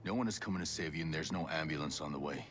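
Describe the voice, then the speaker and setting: Gruff game soldier. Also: male voice, rumbling low, racing, noisy background. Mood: urgent. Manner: urgent, commanding. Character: gruff male soldier giving urgent orders. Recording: game audio heard from afar.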